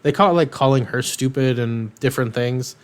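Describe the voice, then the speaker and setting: A man's voice: medium pitch, brisk, clear, resonant tone. A young man co-hosting a podcast, casually recapping a cartoon in a rambling, filler-heavy way. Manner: rambling, filler-heavy, animated retelling with quoted voices. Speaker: podcast co-host.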